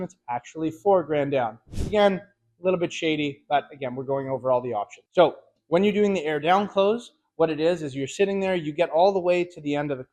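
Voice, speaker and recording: Animated middle-aged sales trainer, slightly high. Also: male voice. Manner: animated storyteller, acts out sales dialogue. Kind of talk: casual instructional talk.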